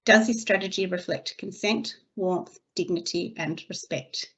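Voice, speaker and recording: A woman giving a scripted training webinar for early childhood educators, reading her slides in a steady, measured way. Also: fairly low pitch. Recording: slightly dull lo-fi recording.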